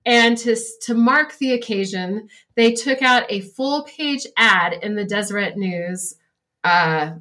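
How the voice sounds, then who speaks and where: A woman's voice: medium pitch, measured pace, sharp tone. A middle-aged woman co-hosting a casual podcast chat, talking freely and often laughing as she reads stories aloud. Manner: chatty, laughs while reading aloud. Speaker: podcast co-host.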